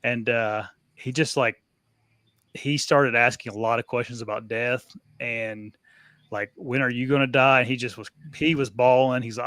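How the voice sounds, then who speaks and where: A man's voice: mid-range voice, fairly even intonation, normal speed, a bit bright, dry recording, clean studio sound. A man in his thirties, co-hosting a casual faith podcast, talking in an earnest, emotional way about his family. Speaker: podcast co-host.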